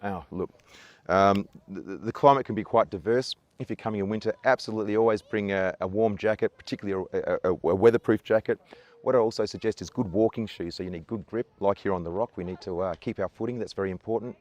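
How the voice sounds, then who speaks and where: Chatty tour guide with broad Australian accent. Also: male voice, on the low side, quick pace, a little mellow, dry recording, dull audio. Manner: easygoing, chatty, many "uh" fillers and self-restarts, jokey. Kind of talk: outdoor tour chat to camera. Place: outdoors on coastal rocks.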